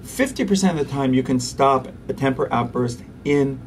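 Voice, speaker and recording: A man, a pediatrician, giving an interview and explaining parenting techniques in an animated way, acting out parents and kids. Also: mid-range voice, normal speed, recorded from a distance, slight background noise. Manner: animated, acts out parents and children.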